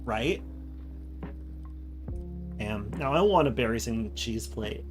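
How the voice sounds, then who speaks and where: A streamer chatting casually while playing a survival game, laughing often and tossing in quick quoted asides. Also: mid-range voice, lively intonation, over music. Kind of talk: casual gaming chat.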